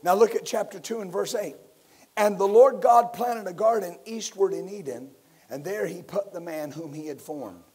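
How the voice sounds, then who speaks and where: A man preaching a sermon as pastor, building to loud emphatic bursts and leading his listeners in call-and-response. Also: sits high, normal speed, husky.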